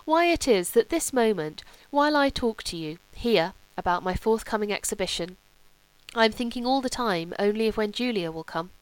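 A woman's voice: medium pitch, animated, normal speed, no echo, natural voice, rough recording. A woman reading a novel, voicing a man who is a sardonic artist speaking in an ornate, brooding, ironic way.

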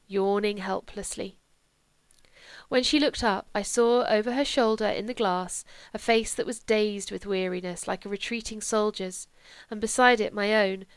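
Smooth-voiced woman narrating a novel. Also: mid-range voice, no room sound. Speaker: audiobook narrator. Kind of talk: literary audiobook narration.

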